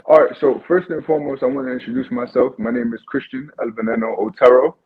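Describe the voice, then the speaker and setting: A man's voice: mid-range voice, steady tone, fast talker, a little hiss or hum. A man in his twenties with a New York accent, talking earnestly over a phone in a remote interview, often saying "you know". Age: 20s. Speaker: guest boxer. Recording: tinny phone line.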